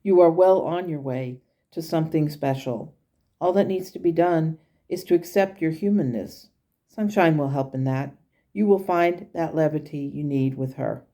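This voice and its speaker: A woman's voice: low-pitched, moderate pace, mellow, lightly acted. A woman voicing a blunt, loving grandmother spirit. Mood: reassuring. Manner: frank and blunt, with affectionate asides.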